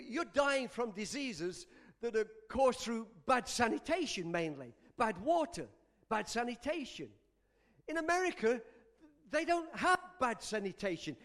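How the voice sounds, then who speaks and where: A male pastor preaching a sermon in an emphatic style, repeating lines for stress. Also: very high-pitched.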